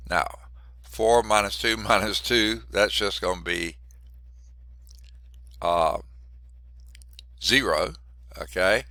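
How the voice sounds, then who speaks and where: A man teaching a math class while congested and short of breath, clearing his throat often and adding wry asides. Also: fairly low pitch, slow, long pauses, sharp tone, dry recording. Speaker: math instructor. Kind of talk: classroom lecture.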